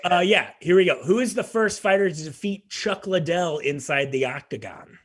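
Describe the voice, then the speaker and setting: A man hosting a casual comedy podcast, reading quiz questions and adding quick dry asides. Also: on the high side, lively intonation.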